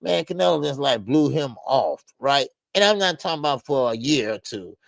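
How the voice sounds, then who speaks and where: A man's voice: normal speed, vocal fry, no echo. An older man hosting a boxing live stream, chatting casually with his viewers and speaking in with lots of fillers, his voice climbing when he protests. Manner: animated, repetitive fillers, rises in pitch when protesting. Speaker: boxing show host. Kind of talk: casual live-stream commentary, reacting to chat.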